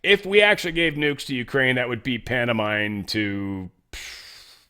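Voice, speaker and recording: A man's voice: mid-range voice, measured pace, sharp tone, clean tone. A man hosting a show, giving rambling, sarcastic political commentary. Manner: rambling, sarcastic, mock voices. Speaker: podcast host.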